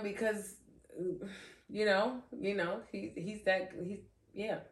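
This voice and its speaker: A woman hosting a faith podcast, animated and giggly, often restarting and repeating her phrases as she trips over words. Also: mid-range voice, unhurried, distant mic. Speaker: podcast host. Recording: roomy echo, voice off-mic.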